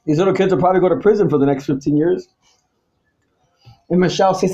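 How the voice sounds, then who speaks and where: A man talking alone to the camera, swinging between low mutters and loud, angry, profane outbursts and repeating himself. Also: fairly quick, pauses often, lo-fi sound. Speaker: vlogger. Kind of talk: rambling solo monologue to camera.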